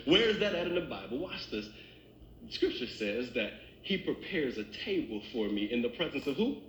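A man's voice: medium pitch, sing-song, fairly quick, fairly bright tone, roomy sound, slight background noise, rough recording. A man preaching a sermon as pastor, building to fervent climaxes.

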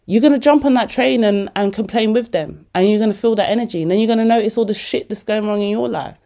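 A woman hosting a podcast, giving casual motivational talk in an animated, chatty way, laughing often. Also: medium pitch, fast, vocal fry. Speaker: podcast host.

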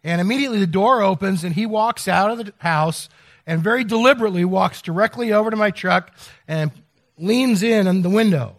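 A man's voice: high-pitched, a little fast. A middle-aged man preaching a sermon as pastor, telling a story with many restarts and repeated words. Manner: rambling, self-interrupting storyteller.

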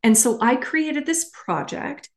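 A woman's voice: high-pitched, takes it slowly. A woman hosting a solo podcast, talking in a candid, emphatic way and swearing casually. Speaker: podcast host.

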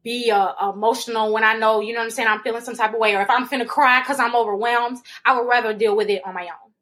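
A woman's voice: fairly high pitch, steady tone, fast, fairly bright tone. A woman co-hosting a podcast, talking candidly in casual chat, rambling with slang and restarting her sentences. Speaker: podcast co-host.

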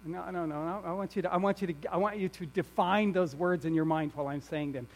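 A man preaching a sermon as pastor. He swings from emphatic, near-shouted lines to quiet asides and often repeats or restarts his words. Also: on the high side, fast.

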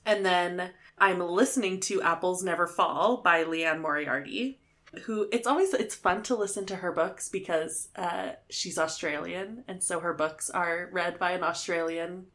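A woman's voice: lowish voice, a little slow, fairly bright tone. A young woman co-hosting a book podcast, chatting casually, filling her talk with "like" and laughing often. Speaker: podcast co-host. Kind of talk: casual chat.

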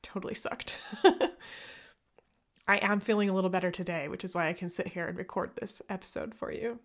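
A woman at a medium pitch talks into a podcast microphone in a candid, reflective monologue. She laughs at herself now and then and slips between hushed, near-whispered asides and brighter bursts. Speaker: podcast host, physical therapist.

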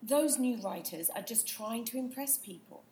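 A woman playing a dramatic, ambitious actress in a comedic audio play, theatrical and sharp-tongued. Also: on the high side, animated, normal speed, echoey room. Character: dramatic ambitious actress who wants an epic.

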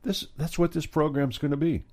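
A woman hosting a casual chat, reacting warmly and effusively. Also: sits low, steady tone, normal speed. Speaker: host.

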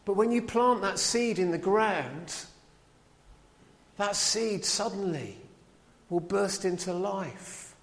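A man preaching a sermon in a church, lively and chatty, with asides to his listeners. His voice sits a little higher than most men's. A long reverb hangs on it from the hall. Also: takes it slowly, pauses often.

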